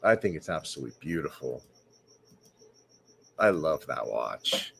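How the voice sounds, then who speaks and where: A man's voice: extremely low pitch, very animated, unhurried, gravelly, a bit bright, slight background noise. A man hosting a casual late-night livestream, rambling, repeating words and asking viewers whether they agree. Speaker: livestream host. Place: indoors at home, night.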